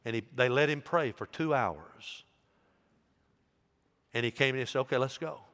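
A man's voice: mid-range voice, measured pace, a bit bright. A man, a pastor preaching a sermon as he tells a story, with rising emphasis. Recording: long reverb in a large hall.

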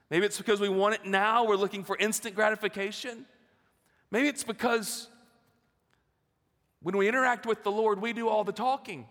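Preacher in a reverberant sanctuary. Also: male voice, high-pitched, a bit bright. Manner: earnest, with rhetorical questions and repetition. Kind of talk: sermon. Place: church sanctuary. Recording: long hall reverb.

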